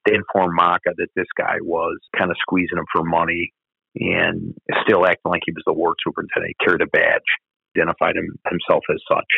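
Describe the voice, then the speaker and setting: A man's voice: low-pitched, completely flat delivery, brisk, no room sound. A former police officer, telling blunt, profane stories from his career in an interview. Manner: blunt, profane, gravelly storytelling. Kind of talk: storytelling interview. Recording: dry, phone-like audio.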